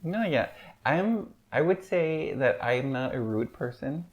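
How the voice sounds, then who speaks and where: A man chatting casually as a podcast guest, rambling and filling every pause with "like". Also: mid-range voice, expressive. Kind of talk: casual chat. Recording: muffled lo-fi podcast audio.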